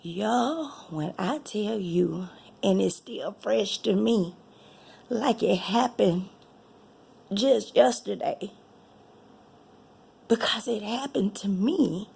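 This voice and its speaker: Slow, gravelly woman telling a story. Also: mid-range voice, darkish tone. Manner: emotional, repeats phrases, drops to a breathy whisper. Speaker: vlogger sharing a personal testimony. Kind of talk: personal storytelling.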